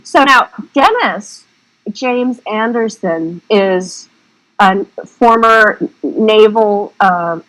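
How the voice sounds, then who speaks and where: Woman guest on a podcast, talks loose and chatty, wanders around her point, mid-pitch voice. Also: lively intonation, drawn-out words, a bit bright, rough recording. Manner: rambling, chatty storytelling. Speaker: guest filmmaker. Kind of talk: casual interview chat.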